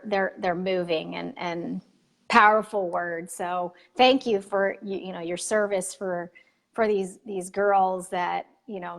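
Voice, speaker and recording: A woman hosting a casual chat, gushing with praise and often restarting her sentences. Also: mid-range voice. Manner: gushing, halting, many restarts. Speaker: podcast host.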